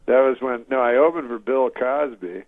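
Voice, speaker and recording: Deadpan man rambling through an anecdote. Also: medium pitch, dry recording, phone-quality sound. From Canada. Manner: halting, deadpan, full of fillers and restarts. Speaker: talk show guest, comedian.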